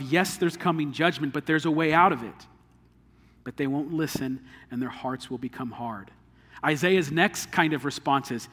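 Male pastor preaching conversationally, a bit high-pitched, in a hall with a long echo. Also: a bit bright. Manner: earnest, conversational preaching with everyday illustrations. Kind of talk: sermon.

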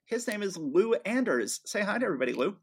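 A man's voice: high voice, big pitch swings, fast, gravelly, breathy edge. A man from Atlanta hosting a podcast, talking in a casual, upbeat and welcoming way. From Atlanta, Georgia. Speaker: podcast host.

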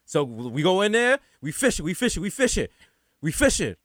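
A man's voice: sits high, very animated, fairly quick, a bit bright. A man with a New York accent from the Bronx, telling a rambling funny story in casual chat, full of slang and swearing. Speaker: podcast co-host.

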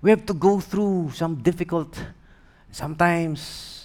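A man with a Filipino accent preaching a sermon as pastor, telling stories in an animated, humorous way. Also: on the high side, unhurried. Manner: animated, humorous storytelling mixing English and Tagalog.

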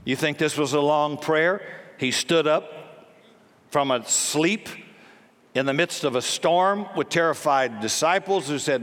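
Forceful preacher in a reverberant hall. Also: male voice, medium pitch. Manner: forceful, blunt preaching with jokes and sudden commands. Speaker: pastor. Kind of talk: sermon.

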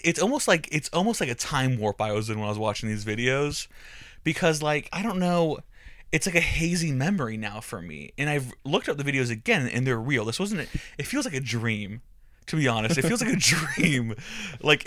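A man's voice: mid-range voice, a bit bright, dry recording, studio quality. A young adult man hosting a podcast, telling a crude comic story in a rambling, profane way and often breaking into laughs.

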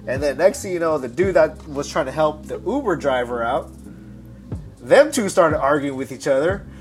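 A man's voice: on the high side, expressive, moderate pace, soft background music. A man telling a story in a casual podcast chat, rambling and cursing with frequent restarts.

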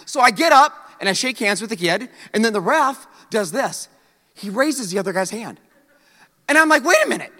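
A man preaching a sermon, telling a story in an animated, joking way. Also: high-pitched, moderate pace, in a large hall. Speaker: pastor.

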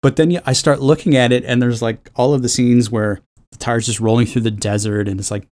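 A man's voice: medium pitch, steady tone, a little fast, a little mellow. Man, co-host, casual chat, wry rambling delivery, swears a lot. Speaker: podcast co-host.

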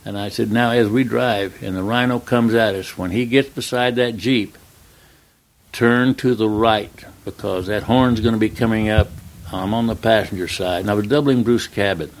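A man's voice: lowish voice, normal speed. Older man telling a stunt story. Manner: relaxed, plain-spoken anecdote telling with quoted dialogue. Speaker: retired stuntman guest. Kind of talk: storytelling in an interview.

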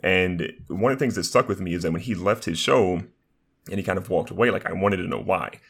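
His voice is low, gravelly and husky, and he talks slightly fast. The young man is a content creator and streamer on a podcast as a guest, keeping the chat loose, upbeat and rambling, with plenty of "like" fillers.

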